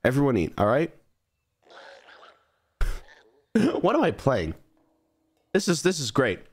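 Lively young male streamer. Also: mid-range voice, slow. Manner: animated, bossing his game creatures around. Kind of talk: live gameplay commentary.

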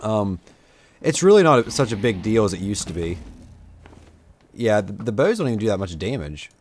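With big pitch swings in a fairly low, darkish voice, a young man talks at a moderate pace over a video game, poking fun at himself and suddenly yelling at enemies. It's casual let's-play commentary with slight background noise.

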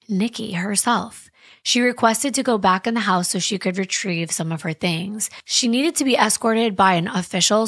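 Woman, podcast host, true crime retelling, emphatic, conversational, middle pitch, dry close mic. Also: fairly bright tone, dry recording. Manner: conversational, emphatic, wry asides.

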